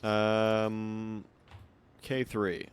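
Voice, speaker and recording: A man's voice: fairly low pitch, monotone, very slow, smooth. A man streaming a game, chatting casually and reading in-game notes aloud in a rambling way. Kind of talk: casual gameplay commentary.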